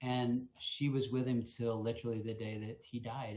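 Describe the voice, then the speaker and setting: A man at mid pitch recounts a story in a Q&A, animated and acting out the noises as he goes. His voice carries an echoey ring and a slightly muffled, dull tone. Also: moderate pace. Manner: animated storyteller, acts out sounds. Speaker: wolf sanctuary co-founder. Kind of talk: storytelling in a live Q&A.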